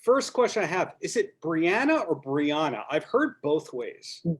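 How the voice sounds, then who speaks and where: A man's voice: on the high side, big pitch swings, normal speed, breathy edge. A man hosting a casual interview over a video call, asking jokey, chatty questions. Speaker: podcast host.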